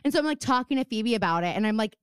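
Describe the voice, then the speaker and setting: Young woman podcast host, chatty and giggly, smooth clear voice, higher pitch, dry close sound. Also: animated, rapid-fire, no echo. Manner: chatty, giggly, lots of fillers and quoted asides. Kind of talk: casual chat.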